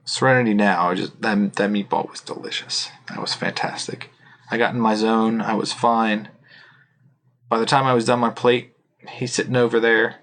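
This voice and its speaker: A man's voice: fairly low pitch, fairly even intonation, normal speed, a bit bright. Man telling a rambling story on a podcast. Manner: rambling storyteller, laughs often. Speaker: podcast co-host. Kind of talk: casual chat. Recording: faint background noise.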